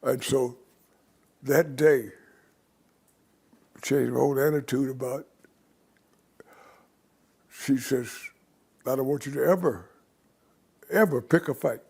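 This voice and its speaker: A man's voice: medium pitch, slow, gravelly, long pauses, a little mellow, slightly rough. An older man, a guest in an interview, telling long, rambling stories from his life and acting out the voices of the people in them. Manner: rambling anecdotal storyteller who acts out quoted voices. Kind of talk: storytelling in an interview.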